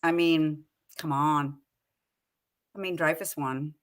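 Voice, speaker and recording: A woman hosting a casual live chat show, excitable, laughing often and quoting movie lines. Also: deep voice, slow. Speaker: show host.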